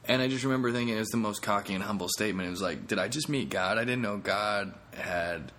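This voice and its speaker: A man's voice: lowish voice, fast, hardly any pauses, fairly bright tone. A man who is a comedian, hosting a casual solo podcast in a rambling, profane way with self-mocking jokes.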